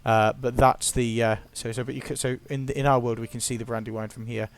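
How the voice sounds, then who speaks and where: Gravelly man narrating gameplay. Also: medium pitch, level tone, brisk. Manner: chatty, playful, self-mocking. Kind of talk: casual gameplay commentary.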